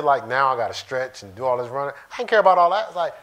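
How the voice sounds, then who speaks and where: A man's voice: mid-range voice, big pitch swings, fast, hardly any pauses, bright, forceful tone. A man pastor giving a casual, conversational sermon in a church, joking and talking straight to the congregation. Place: church sanctuary.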